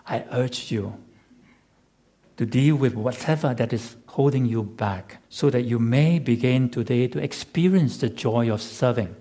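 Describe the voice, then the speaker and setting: Male preacher, sermon delivery; slow and deliberate, slightly husky, emphatic. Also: medium pitch, dark tone. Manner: measured, emphatic, with rhetorical repetition. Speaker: pastor.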